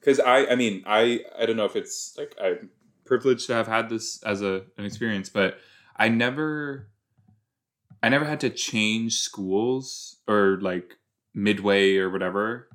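Podcast host, male, from LA, rambling and giggly, slow unhurried pace. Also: fairly low pitch, a bit bright. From Los Angeles area. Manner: giggly, rambling, self-mocking. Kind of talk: rewatch reaction commentary.

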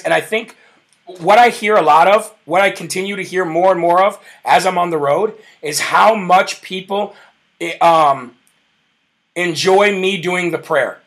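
A man hosting a live political talk show, fervent and preacher-like, reading viewer comments out loud. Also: high voice.

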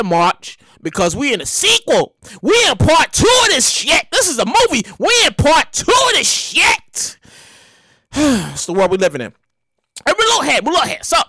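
Woman vlogger, high and bright, swearing rant, stumbles over repeated words. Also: dry recording. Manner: animated, profane, stammers and repeats phrases. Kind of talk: casual ranting commentary.

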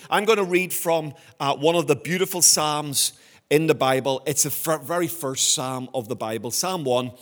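A man preaching a sermon to his congregation, earnest and emphatic, slowing down to stress key phrases. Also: medium pitch, fairly bright tone.

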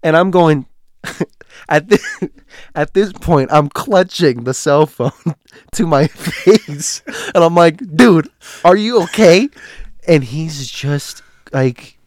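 A young man tells an eerie story at an unhurried, drawn-out pace, his voice close and dry with no room sound. He acts out the quoted lines with lively jumps in energy and laughs between them. His talk is loose and casual, full of likes and you-knows. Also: on the high side, no echo. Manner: animated, acts out quotes, laughs often, many fillers.

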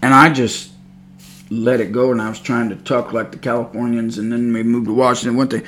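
A man's voice: medium pitch, little pitch movement, a little fast, fairly bright tone. A man with a Texan accent hosting a religious podcast, telling stories in a folksy, meandering way with many fillers. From Texas. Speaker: podcast host. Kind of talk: rambling religious podcast talk.

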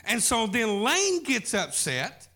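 High, bright preacher man. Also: huge pitch swings, slow. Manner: folksy storytelling preacher. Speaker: pastor. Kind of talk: sermon.

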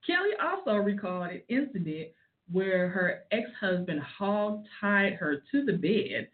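A woman's voice: medium pitch, sing-song, unhurried. A woman giving casual celebrity gossip commentary, chatty and opinionated with frank asides. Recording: tinny phone-like audio.

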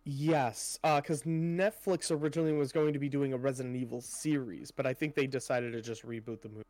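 A man's voice: medium pitch, steady tone, fairly quick, darkish tone, no echo. A young man chatting casually on a podcast, rambling with lots of fillers and casual swearing. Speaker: podcast co-host. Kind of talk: casual chat.

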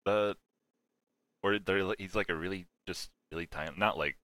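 A man's voice: low-pitched, fairly even intonation, moderate pace, very noisy. A man co-hosting a film podcast, rambling and laughing in casual chat. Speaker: podcast co-host.

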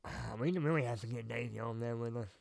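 A man co-hosting a casual podcast chat, relaxed and trailing off with fillers as he thinks. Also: mid-range voice, fast talker, creaky, no echo. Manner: laid-back, trails off with fillers. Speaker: podcast co-host.

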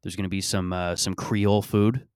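A man's voice: sits low, fairly even intonation, moderate pace, a little mellow, clean tone, no echo, clean studio sound. A man around thirty hosting his own podcast outdoors in a backyard, rambling and joking with a bit of profanity. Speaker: podcast host. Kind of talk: casual solo podcast monologue.

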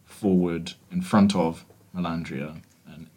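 A man's voice: low voice, steady tone, slow pace, darkish tone, a little hiss or hum. A man playing in a tabletop game, talking casually and hesitantly about his character's actions. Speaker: player.

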